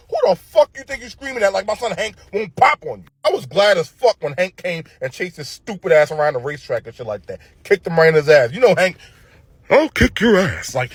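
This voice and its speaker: A man giving a casual, profane commentary rant, opinionated and loaded with slang. His husky voice sits a bit high for a man and swoops up and down with energy, recorded dry and close. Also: no room sound. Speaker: show commentator.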